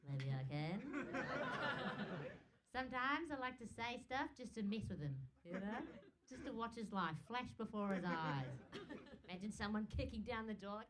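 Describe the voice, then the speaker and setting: A young woman from New Zealand with a New Zealand accent and an unusually high, squeaky voice, doing a stand-up set in a comedy club and laughing often between jokes. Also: expressive, slow, pauses often, very noisy.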